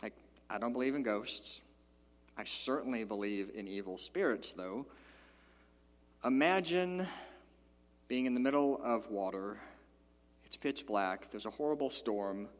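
A man preaching a sermon as a pastor, animated and playful, acting out the quoted lines with big jumps in his voice. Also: mid-range voice, unhurried, long pauses, long reverb tail.

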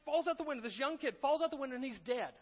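A pastor preaching a sermon in a conversational way, with asides, restarts and humor. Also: male voice, extremely high pitch, animated, racing, long reverb tail, dull audio.

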